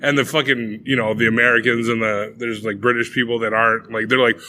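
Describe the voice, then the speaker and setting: A young man co-hosting a podcast, casually and profanely retelling a movie with lively acted-out quotes. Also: mid-range voice, fairly quick, a little hiss or hum. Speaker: podcast co-host. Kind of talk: casual chat.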